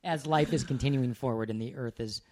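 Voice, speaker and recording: A man's voice: medium pitch, fairly quick, a little mellow, a little hiss or hum. A man co-hosting a podcast in casual chat, teasing his wife with affection. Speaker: podcast co-host.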